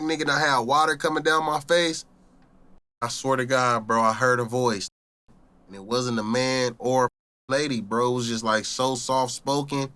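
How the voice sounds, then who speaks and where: A young man, an interview guest, telling a story in casual street slang and acting out the voices in it. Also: mid-range voice. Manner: animated, acts out voices in his story, heavy slang.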